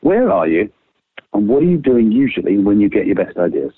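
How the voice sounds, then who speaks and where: A man who trains people in creativity, guiding the listener through quick exercises in a lively, swearing, casual way. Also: slightly rough, no room sound. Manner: lively, swings pitch widely, casual swearing. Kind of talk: animated explaining with quick exercises. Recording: dry, phone-like narrow sound.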